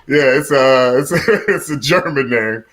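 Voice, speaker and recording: A middle-aged man with a deep voice performing stand-up comedy while seated in a room at home. He chuckles at his own jokes and fills his pauses with "uh". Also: sharp tone. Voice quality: deep voice, often compared to Mufasa.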